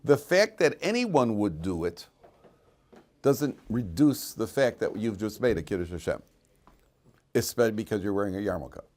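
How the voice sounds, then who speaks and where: A man's voice: fairly low pitch, big pitch swings, moderate pace, a little mellow. A middle-aged man, a rabbi giving an informal Torah lecture to students, who acts out voices in his stories and laughs at his own jokes. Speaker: rabbi teaching a weekly Torah class. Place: classroom at a Jerusalem yeshiva.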